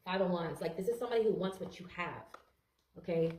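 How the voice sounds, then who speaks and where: Fast-talking congested tarot reader woman. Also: fairly low pitch, darkish tone, echoey room, slight background noise, poor audio. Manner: rambling, repeats phrases, frequent "okay?" and "like". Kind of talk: casual tarot reading.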